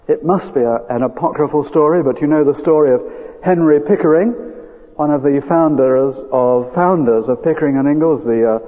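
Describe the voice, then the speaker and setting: Older male preacher, earnest and emphatic, fairly high voice, boomy hall. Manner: earnest, emphatic, rising with feeling, drawn-out stresses. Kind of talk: sermon. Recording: phone-like old radio broadcast with long reverb.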